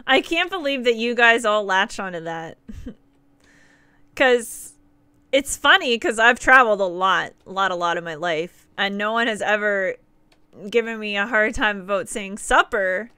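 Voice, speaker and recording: A woman's voice: medium pitch, lively intonation, a little slow, long pauses, bright, forceful tone, smooth, dry recording. A woman live-streamer chatting casually with her viewers, talkative and often laughing as she talks. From outside the United States.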